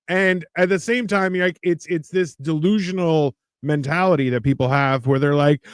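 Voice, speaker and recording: A man's voice: high-pitched, normal speed, few pauses, fairly bright tone, no echo. A man co-hosting a casual podcast, blunt and sarcastic, pushing back on the others with crude banter. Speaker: podcast co-host.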